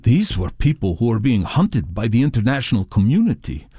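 Brief: narrator voicing earnest, insistent Tuareg man, lively pitch, dry. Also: fairly quick, breathy edge, no room sound. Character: secular Tuareg man, wary of militants.

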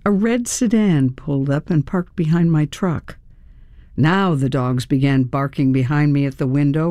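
Slow, expressive woman narrating an audiobook. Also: low voice, no echo, studio quality. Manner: measured, expressive, tense storytelling. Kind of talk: first-person audiobook narration.

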